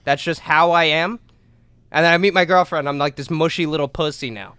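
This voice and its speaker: Animated, cursing young man telling a story. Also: on the high side, a little fast, clear, resonant tone, dry recording. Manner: animated, profane storyteller, acts out voices and shouts. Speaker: podcast co-host. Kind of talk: casual storytelling chat.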